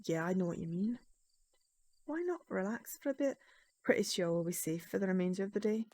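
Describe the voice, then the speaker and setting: Calm, steady male detective with a Scottish accent, played by a woman. Soft, lowered delivery. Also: fairly quick, lightly acted. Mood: reassuring. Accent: put-on Scottish.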